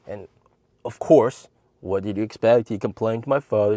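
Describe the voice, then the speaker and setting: A man in his thirties casually telling a funny story to camera as host of his channel, animated and jumping into high voices when he quotes people. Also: normal speed, no room sound, clean studio sound. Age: 30s.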